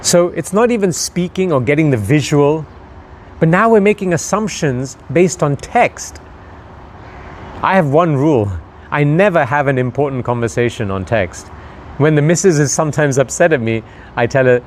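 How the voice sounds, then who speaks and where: A man's voice: on the high side, lively intonation, moderate pace, a little mellow, slight background noise. A man giving a motivational talk, conversational and full of rhetorical questions to the listener. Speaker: motivational speaker.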